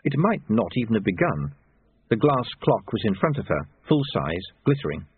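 Male narrator, husky and lively, dry tinny phone-like recording. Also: fairly low pitch, moderate pace, dry recording. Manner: expressive storytelling. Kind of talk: audiobook narration.

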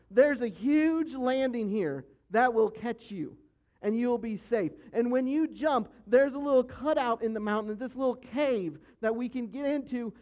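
A man voicing a seasoned male mountain climber, speaking slowly and steadily to reassure. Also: extremely high pitch, warm tone, breathy edge, pitched above the performer's own voice, heavily acted. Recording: dull, lo-fi sound.

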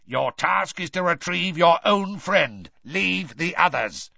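A man voicing a harsh, croaky merman guard who speaks curtly and sternly, recorded dry and a little muffled. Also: sits high, expressive, takes it slowly, pushed and bright, no echo, voice pushed up, exaggerated voice. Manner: curt, stern.

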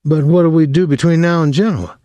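A timid young sailor, fretful and cautious, his voice pushed higher and tighter than a man's usual tone, as a male narrator puts him on. He sounds nervous and pleading. The recording is dry and close. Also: big pitch swings, fairly quick, dry recording, muffled recording. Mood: worried. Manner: worried, pleading, higher and louder.

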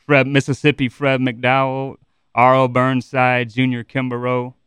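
A man, a blues musician chatting as a guest in an interview, laid-back and letting his voice sink to a low murmur at the ends of his phrases. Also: completely flat delivery, unhurried, a bit bright, clean tone, no echo. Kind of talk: relaxed interview chat. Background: acoustic guitar.

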